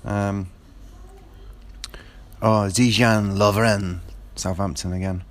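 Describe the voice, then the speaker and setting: Casting note: man, fairly low voice, casual rambling monologue, lots of ums and restarts. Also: steady tone, slow pace. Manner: rambling, with frequent fillers and restarts. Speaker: football fan.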